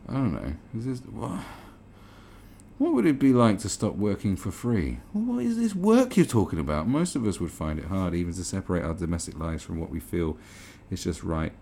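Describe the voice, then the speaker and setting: A British man reacts to an article with incredulous, sweary ranting. His low, gravelly voice swings widely between mutters and outbursts. Faint noise sits under the recording. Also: big pitch swings, normal speed, dark tone. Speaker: commentary host. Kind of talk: reaction commentary.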